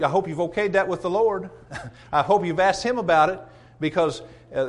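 A man preaching with a somewhat high voice, talking straight to the congregation. He is emphatic and conversational, chuckling now and then and slipping into the voices of the people he quotes. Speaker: pastor. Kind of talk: sermon.

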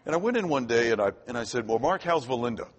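A man's voice: medium pitch, animated, quick pace, dull audio. An older man preaching a sermon, telling a personal story in a conversational way and often restarting his sentences. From Florida. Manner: conversational, repeats words when starting sentences.

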